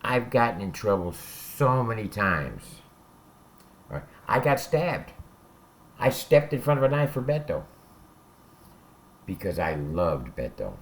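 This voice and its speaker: A lowish male voice swings up and down a lot as he tells hard stories about life behind bars. He talks bluntly and curses freely, and he keeps tagging his points with "all right?" The delivery is casual and conversational. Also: sing-song, measured pace, long pauses. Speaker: former prisoner telling stories. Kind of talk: casual spoken storytelling.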